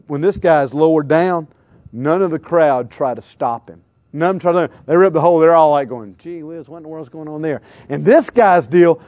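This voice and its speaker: High-voiced guy preaching to kids, swoops up and down a lot, dry close sound. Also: darkish tone, dry recording. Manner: acts out crowd voices, slangy, calls out questions to listeners. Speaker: youth preacher. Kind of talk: animated sermon.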